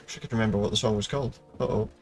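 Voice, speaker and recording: A man's voice: racing, faint music behind. A man giving casual, rambling, jokey commentary over a video game. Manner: rambling, jokey, low-key. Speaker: gaming video host. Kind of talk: casual let's-play commentary.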